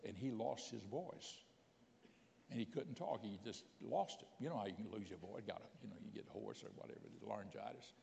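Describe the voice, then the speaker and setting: A gravelly-voiced man preaching in a church that carries a long echo. He tells his stories in a quiet voice, then breaks into loud, rising proclamations. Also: medium pitch. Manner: storytelling preacher, swings from soft to loud exclamations. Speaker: bishop preaching. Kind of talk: sermon. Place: church sanctuary.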